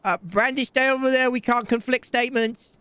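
A man's voice: very high-pitched, fairly even intonation, a little fast, pushed and bright, clear, resonant tone, dry recording. A man talking brashly and crudely in rambling bursts as his character in improvised game role-play.

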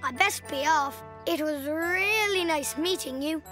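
A woman's voice: unhurried, music in the background. A woman voicing a cheerful, curious four-year-old boy in a children's cartoon. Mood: cheerful, polite. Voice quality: high bright childlike voice.

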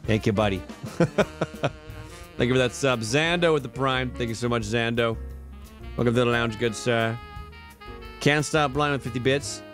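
A man rattles off thanks to his viewers in a loose, chatty live-stream voice, worn out yet cheerful and quick to laugh. His pitch sits in an ordinary middle range for a man. Faint music plays low behind him. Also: fairly bright tone. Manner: chatty and upbeat, laughs often. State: tired. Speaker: livestreamer. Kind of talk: casual live-stream chat, thanking subscribers. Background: faint background music.

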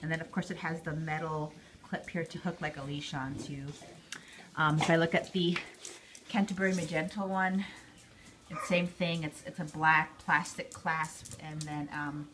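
Chatty woman with a low voice filming dogs. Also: moderate pace. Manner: chatty, distracted by lively dogs, many fillers. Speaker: vlogger reviewing pet products. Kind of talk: casual home product review. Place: home, indoors with dogs. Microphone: handheld phone camera. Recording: noisy home phone recording.

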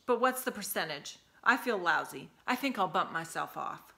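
A woman's voice: on the low side, lively intonation, normal speed, gravelly, pushed and bright, exaggerated voice. A woman voicing a gloomy, self-pitying male watchman who talks glumly in a storybook reading. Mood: despondent. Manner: glum, despondent.

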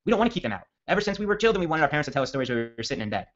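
A man giving a casual copywriting training, telling a long story in a rambling, self-correcting, energetic way. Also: fairly high pitch, very fast. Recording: dull lo-fi audio.

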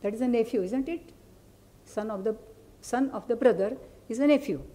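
This is a lecturer, a woman whose mother tongue is Marathi and whose English carries an Indian accent. Her soft, mellow voice sits fairly high, and she explains patiently, pausing for asides and to quiz her listeners during the academic lecture.

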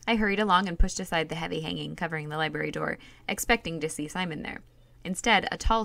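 Woman narrator for a read-aloud novel; steady plain delivery, low and gravelly. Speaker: reader.

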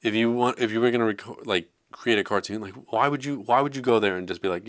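A man co-hosting a podcast in casual banter, quick with wry comebacks. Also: mid-range voice, no room sound, clean studio sound. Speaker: podcast co-host.

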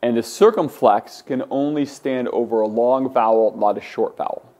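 In a classroom lecture, a male Greek teacher with a medium-pitched, warm voice speaks at a normal speed. He patiently explains forms and has his students repeat words aloud.

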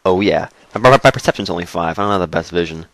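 A man's voice: sits low, fast, fairly bright tone. A man giving joking, sarcastic commentary over a video game, with his voice cracking. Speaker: let's play commentator. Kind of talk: jokey gameplay commentary.

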